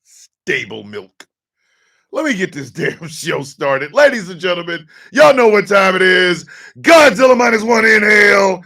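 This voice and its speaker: A man hosting a livestream morning show, joking in animated bursts, repeating and restarting words, and sometimes shouting. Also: sits high, moderate pace, far from the mic.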